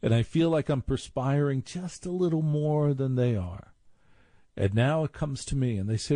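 A man's voice: medium pitch, normal speed, mellow, no echo. A man telling a wry personal story, now and then mimicking snobbish voices.

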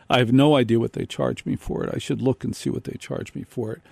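Animated male radio host with dry sound. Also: mid-range voice, quick pace, vocal fry, hardly any pauses, husky, no echo. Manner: animated storytelling, acts out quoted people. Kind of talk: comedic radio monologue.

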